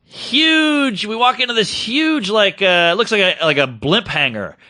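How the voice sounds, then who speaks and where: Male podcast co-host, animated storyteller who does quick voices, bright tone, dry mic. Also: high-pitched, no echo. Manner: animated, acts out other people's voices in his story. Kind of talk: casual storytelling chat.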